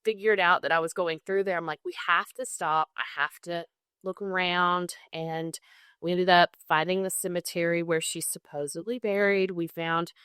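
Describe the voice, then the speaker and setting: A woman's voice: fairly low pitch, a bit bright, clear, resonant tone, no echo, clean studio sound. A young woman with a Southern accent, casually telling a folklore story on a podcast and laughing often. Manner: chatty, laughs often, enthusiastic about folklore. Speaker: guest co-host.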